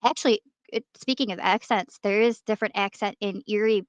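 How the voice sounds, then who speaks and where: A woman from New York in a casual chat, talking in an animated, chatty way. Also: medium pitch, brisk, dry recording. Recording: dry dull lo-fi audio.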